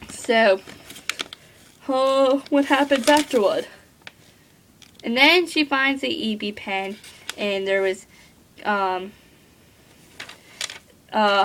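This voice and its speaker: A woman's voice: mid-range voice, a bit bright, slight background noise, rough recording. A teenage girl reviewing a book at home in a rambling, gushing way, full of filler words. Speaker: book vlogger.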